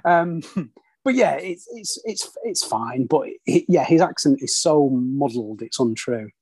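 Host, man, 40s, husky, mid pitch, chatty and rambling, dry close sound. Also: animated, a little slow, a little mellow, no room sound. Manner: chatty, many restarts and tag questions. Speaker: podcast host. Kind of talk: casual film discussion.

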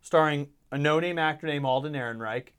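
Male co-host with a fairly high voice, quick to laugh and tease, casual podcast banter. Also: smooth. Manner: animated, laughs often, teasing.

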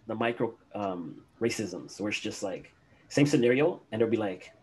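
A man's voice: lowish voice, lively intonation, moderate pace, darkish tone, slight background noise. A man in casual chat who laughs a lot and acts out what coworkers say. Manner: laughs often, acts out quotes.

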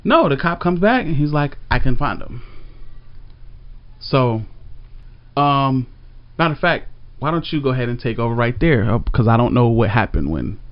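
A man tells a story in an easygoing, rambling way, swearing and filling gaps with "like" and "you know". His voice sits at a medium pitch. The recording is a little dull and muffled. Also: lively intonation, moderate pace. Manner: loose, profane, filler-heavy storytelling. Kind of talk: casual storytelling chat.

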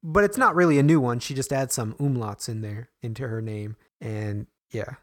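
A man's voice: mid-range voice, normal speed. A man co-hosting a casual chat, rambling and correcting himself with a playful, joking manner. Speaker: podcast co-host.

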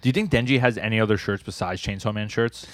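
A man's voice: on the low side, fast, fairly bright tone, no room sound, studio quality. A man co-hosting a podcast, chatting casually and adding joking asides to the comic recap. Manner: joking asides and frequent laughter. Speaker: podcast co-host. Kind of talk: casual chat.

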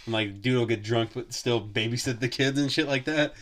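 A man's voice: medium pitch, a little fast, a bit bright. Profane, rambling man telling a story. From Wisconsin. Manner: profane, rambling, lots of filler words. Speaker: podcast host. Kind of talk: casual storytelling chat.

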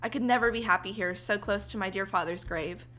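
Lady doing a wide-eyed forest boy, eager and naive, bright voice. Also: medium pitch, fairly quick, lightly acted. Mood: earnest. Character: naive young forest lad, eager and wondering.

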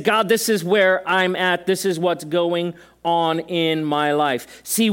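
Joking, conversational male pastor preaching. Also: sits high. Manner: conversational, joking asides, emphatic repetition. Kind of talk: sermon. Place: church service before a congregation.

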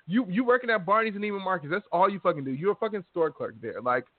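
A man co-hosts a casual podcast, ranting bluntly and swearing constantly. His voice is on the higher side for a man. The sound is dry and narrow, like a phone call. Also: lively intonation, fast, no echo. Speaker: podcast co-host. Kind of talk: casual chat.

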